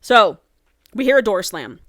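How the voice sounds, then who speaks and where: A woman's voice: mid-range voice, unhurried, no room sound, studio quality. A woman co-hosting a podcast, casually retelling a book's plot and acting out the characters' lines as she goes. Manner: animated, acts out characters' lines while recapping. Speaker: podcast co-host recapping a book. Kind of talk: casual chat, retelling a story with quoted lines.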